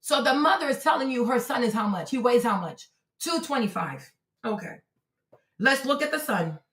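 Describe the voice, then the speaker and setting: A woman's voice: on the high side, lively intonation, normal speed, a bit bright, reverberant. A woman hosting a live-stream commentary, talking bluntly and profanely as she lectures a viewer in her chat. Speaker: livestream host.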